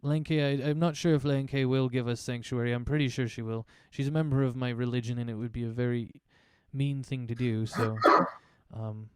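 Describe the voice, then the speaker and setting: Mellow-voiced man rambling through a game. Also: mid-range voice, normal speed, few pauses, clear, resonant tone. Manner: relaxed, rambling, many fillers. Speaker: tabletop game player. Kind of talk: casual online tabletop game chat. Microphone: online voice chat mic.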